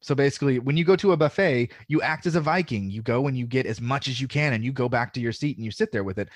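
This Southern US man, a podcast guest, has a faint drawl and a mid-range voice, talking fast in a rambling, filler-packed way and cursing freely. The casual chat is recorded at studio quality with no room sound.

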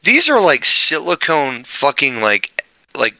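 Male podcast co-host, tense bright tone, blunt and profane. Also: on the high side, wildly swooping pitch, slow pace, no echo, rough recording. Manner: blunt, swears freely. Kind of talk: casual chat.

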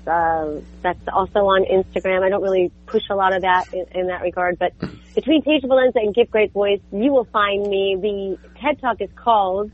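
A woman from New York with a New York accent, a voice actor chatting as a guest in an interview, a little sharp and sarcastic. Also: medium pitch, moderate pace. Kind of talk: casual interview chat. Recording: tinny phone-like line.

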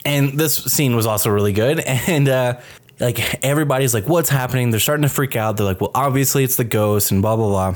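A man hosting a podcast, retelling a film scene in casual chat, animated and profane. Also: mid-range voice, brisk. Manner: animated, profane storytelling with many fillers. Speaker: podcast host reviewing a film.

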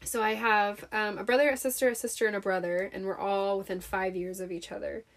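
A young woman co-hosting a podcast, telling a personal story in a loose, conversational way. Her voice sits at a middle pitch, and she keeps breaking into giggles and chatty asides. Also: flat delivery, brisk. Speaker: podcast co-host. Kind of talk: casual podcast chat.

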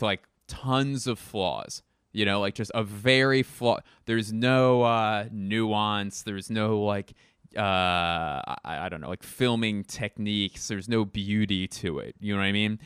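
A man's voice: fairly low pitch, fairly bright tone, clean tone, no echo, studio quality. A young man hosting a podcast, talking casually in a rambling, profane way with lots of fillers. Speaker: podcast host. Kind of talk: casual chat.

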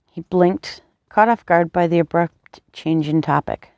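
A woman narrates a story in a calm, measured way. Her voice is mellow and dark with a gravelly texture. The recording is dry and close, with no echo. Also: on the low side. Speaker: audiobook narrator.

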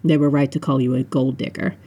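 A woman reading a cold young heir in a storybook, snarling and bitter, pitched a little lower than her own voice. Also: steady tone, a little fast, dark tone.

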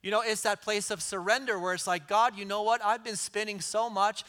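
A man's voice: sits high, fairly even intonation, fairly quick, bright, forceful tone. A middle-aged man preaching a sermon in an earnest way, repeating key lines for emphasis. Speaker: pastor.

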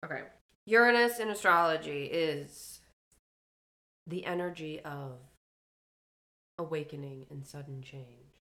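Podcast co-host, woman, low bright voice, loose and profane. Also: a little slow, long pauses. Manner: loose, joking, swears casually. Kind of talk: casual chat.

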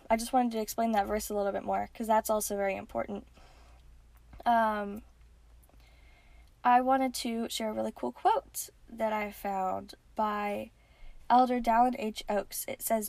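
A woman's voice: mid-range voice, a little slow, gravelly, darkish tone, no room sound. A woman hosting a podcast and giving a casual religious lesson in an earnest way, with frequent ums and restarts. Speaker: podcast host.

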